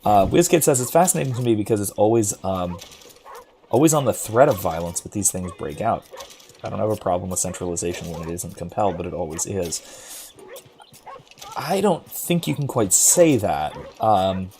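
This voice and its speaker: Low-voiced man chatting while gaming. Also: expressive, normal speed, creaky, warm tone, a little hiss or hum. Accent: general American. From Florida. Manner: thoughtful, rambling, many fillers and restarts. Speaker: streamer. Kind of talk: casual chat while gaming.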